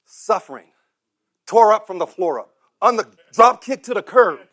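A man preaching a sermon who acts out the voices of beggars and crowds, repeats words and builds up to shouted cries. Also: sits high, lively intonation, normal speed.

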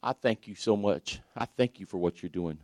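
An older man preaching a sermon, animated and exclaiming with laughter and praise. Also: lowish voice, moderate pace, no echo.

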